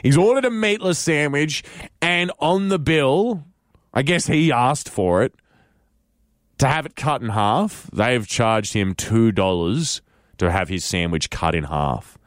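Animated male radio host. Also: medium pitch, a little slow, no echo, studio quality. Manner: playful, animated storytelling. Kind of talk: casual radio banter. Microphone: studio microphone.

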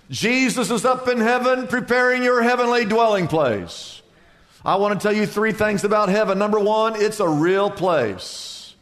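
High-voiced preacher man in an echoey hall. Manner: dramatic, acts out worried voices and Jesus's calming words. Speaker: pastor. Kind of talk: sermon. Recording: echoey hall with long reverb.

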